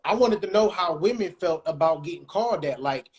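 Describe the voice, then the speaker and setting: A man's voice: fairly high pitch, expressive, brisk. A man hosting a podcast, chatting casually and animatedly in laid-back slang. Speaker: podcast host.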